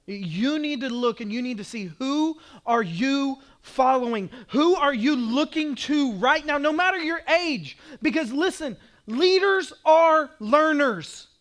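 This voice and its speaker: A pastor speaking with an Oklahoman accent delivers a sermon a little slowly yet with hardly any pauses. His unusually high voice carries animated stories in which he acts out scenes and sometimes shouts.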